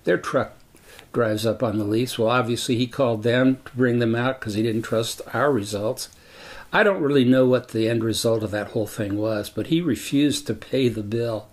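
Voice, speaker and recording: A man in his eighties telling a story from his working life in a measured, deliberate way. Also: medium pitch. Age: 80s. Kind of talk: personal storytelling.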